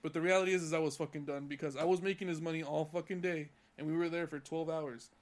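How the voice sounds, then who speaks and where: A man's voice: a little high, steady tone, fast talker. A young man from California on a casual podcast, telling a profane, heated story about work. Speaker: podcast co-host.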